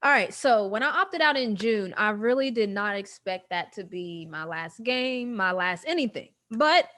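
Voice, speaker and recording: A woman in her thirties hosting a podcast, talking casually and emotionally. She pauses often, voice halting as she holds back tears. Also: medium pitch, animated, a bit bright. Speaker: podcast host. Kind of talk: personal announcement, casual talk.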